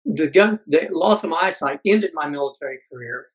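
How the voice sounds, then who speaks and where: A middle-aged man, a podcast guest, telling a personal story earnestly, halting with many fillers. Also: fairly high pitch, animated, low-quality recording.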